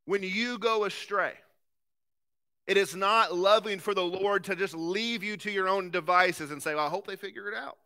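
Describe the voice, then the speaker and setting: Earnest bright-voiced male pastor preaching. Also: high voice, clean tone. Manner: earnest, swinging from forceful to very soft. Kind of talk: sermon.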